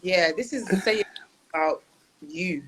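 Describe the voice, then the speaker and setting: A woman's voice: fairly low pitch, expressive, a bit bright. A woman guest talking candidly and chattily in an interview over a video call. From United Kingdom. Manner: chatty, candid, quick to laugh.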